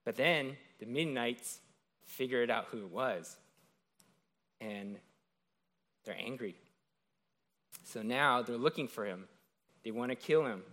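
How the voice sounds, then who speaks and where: A man preaches a sermon conversationally, retelling a scripture story and often checking in with "right?". His mid-range voice is fairly bright, a little slow, and marked by long pauses.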